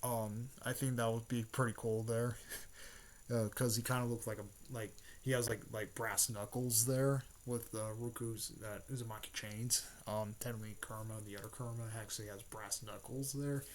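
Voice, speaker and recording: A man casually retelling a story, rambling with lots of fillers and frequent throat clearing. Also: mid-range voice, steady tone, moderate pace.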